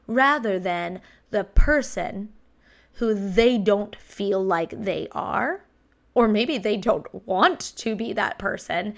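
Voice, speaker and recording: A woman in her thirties, a teacher hosting a podcast, talking in a chatty, animated way and acting out quotes. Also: medium pitch. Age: 30s. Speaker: podcast host and language teacher. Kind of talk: casual podcast monologue.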